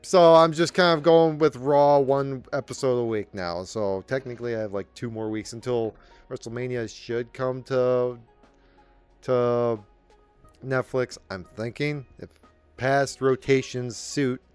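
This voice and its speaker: A man's voice: mid-range voice, measured pace, clean tone, no echo, soft background music. A man hosting his own channel, giving casual commentary on the news. He rambles, breaks off mid-sentence and slips in apologetic asides. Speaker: channel host.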